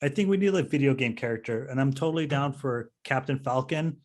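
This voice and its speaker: A man's voice: mid-range voice, fairly quick. A man co-hosting a podcast, easygoing and agreeable in casual chat, often laughing. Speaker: podcast co-host.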